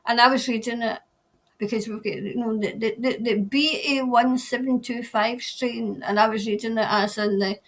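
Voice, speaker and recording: A tarot reader hosts a casual live stream, answering viewer comments in a chatty, rambling manner. Her fairly high voice holds a steady tone at a moderate pace, and she laughs often and trails off mid-sentence.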